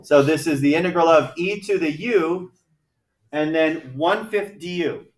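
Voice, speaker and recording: Chatty math teacher in an echoey classroom. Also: male voice, a little high, unhurried, recorded from a distance, a little hiss or hum. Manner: chatty, jokey, thinks aloud while working problems. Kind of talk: classroom lecture.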